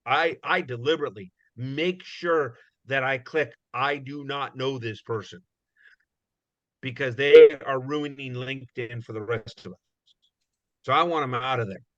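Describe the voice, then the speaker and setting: Here a man gives a chatty, rambling recruiting presentation as a guest speaker, heavy on "you know" fillers and little acted-out conversations. His mid-range voice is a bit bright. The recording is dry, with a dull, muffled sound.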